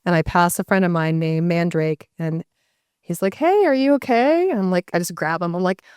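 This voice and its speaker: Woman, low and smooth, dry close sound; animated storyteller who acts out the people she quotes. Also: brisk, no echo. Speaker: guest speaker. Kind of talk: casual storytelling to a live audience.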